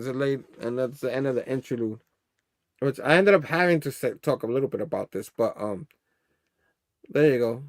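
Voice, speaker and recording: A man's voice: mid-range voice, animated, moderate pace, pauses often, dry recording, clean studio sound. A man hosting a casual comic book review. He rambles, laughs often and reads the characters' dialogue aloud.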